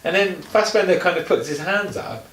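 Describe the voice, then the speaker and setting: A man co-hosting a casual chat, rambling through films with lots of fillers and restarts, turning animated when he mocks something. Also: sits high, normal speed, roomy sound, distant mic, low-quality recording. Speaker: podcast co-host.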